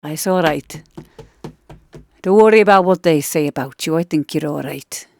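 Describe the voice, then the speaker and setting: A woman's voice: sits low, normal speed, darkish tone, voice pushed down. A woman putting on a Welsh accent, playing a mock-reassuring partygoer who teases someone. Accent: Welsh (put on).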